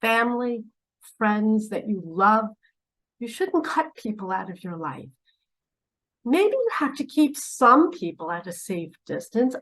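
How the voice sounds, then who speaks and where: A woman giving a spiritual talk straight to the viewer, dramatic and preachy, swinging between loud urging and hushed asides and pressing the listener with pointed questions. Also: mid-range voice, very animated, measured pace, poor audio. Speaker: spiritual teacher. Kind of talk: direct-to-camera spiritual talk.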